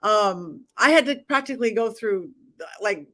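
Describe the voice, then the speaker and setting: A woman's voice: medium pitch, animated, moderate pace, a bit bright. A middle-aged woman, a psychic medium guest, telling stories in a casual interview, acting out dialogue and laughing often.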